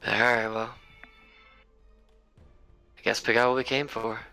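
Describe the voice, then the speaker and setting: A man playing a tabletop game, blunt and quick to laugh. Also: medium pitch, little pitch movement, creaky, sharp tone, soft background music, poor audio. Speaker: player. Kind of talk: tabletop role-play.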